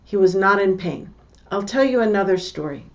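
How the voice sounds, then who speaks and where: An older woman giving a lesson with personal stories, talking in a slow, measured way and repeating her key points. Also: mid-range voice, lively intonation, lo-fi sound. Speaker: teacher.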